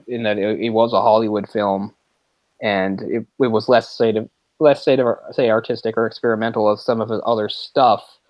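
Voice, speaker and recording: On a film podcast, a male co-host talks casually in a rambling way, restarting his sentences often and leaning on fillers. His pitch is fairly low, and the lo-fi recording has no room sound.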